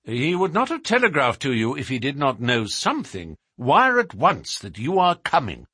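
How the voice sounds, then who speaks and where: A man voicing a stern, commanding male detective with a husky, emphatic delivery. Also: mid-range voice, wildly swooping pitch, normal speed, sharp tone, dry recording, clean studio sound, full character voice. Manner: emphatic, incisive.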